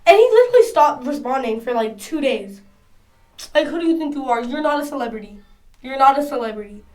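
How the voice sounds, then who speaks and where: A woman's voice: high-pitched, lively intonation, brisk. A woman telling a casual storytime to her phone camera at home, chatty and full of slang. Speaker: vlogger.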